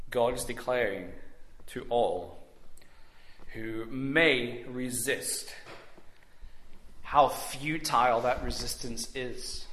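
A man preaching a sermon, measured and emphatic with long pauses. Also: mid-range voice, fairly bright tone, roomy sound.

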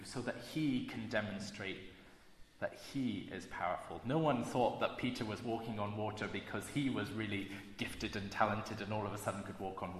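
A man preaching a sermon in an earnest, measured way, slowing down to stress key phrases. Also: on the low side, a little hiss or hum. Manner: earnest, measured delivery with slow emphatic phrases. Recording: echoey hall with long reverb.

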